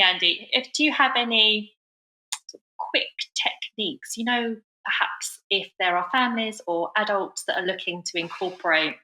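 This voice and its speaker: A woman's voice: lowish voice, bright, forceful tone, echoey room, low-quality recording. A woman hosting a parenting podcast, talking reflectively in casual conversation, with many fillers. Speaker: podcast host.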